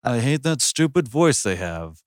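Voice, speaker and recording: A man's voice: mid-range voice, unhurried, dry recording, clean studio sound. A man co-hosting a casual podcast, talking bluntly and swearing often. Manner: blunt, profane, animated. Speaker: podcast co-host. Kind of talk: casual crude chat. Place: small room with two others.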